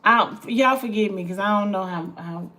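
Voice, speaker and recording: A woman's voice: medium pitch, moderate pace, bright, forceful tone. A woman in her forties hosting a casual livestream as a spiritual reader, candid, swearing freely and drifting into tangents.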